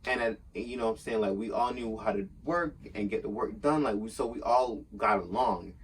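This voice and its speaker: Animated low-voiced man telling a story. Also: brisk, recorded from a distance, slight background noise. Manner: animated, acts out quotes in raised voice. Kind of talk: casual storytelling.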